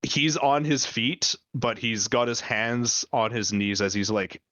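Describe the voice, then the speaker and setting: A man narrating as dungeon master of a tabletop game, descriptive and halting, with many fillers. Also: mid-range voice, fairly even intonation, a bit bright, no echo.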